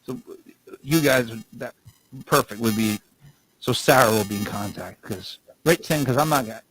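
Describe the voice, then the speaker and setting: A man's voice: mid-range voice, normal speed, fairly bright tone, poor audio. A man co-hosting a podcast, rambling through casual stories and laughing as he talks. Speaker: podcast co-host.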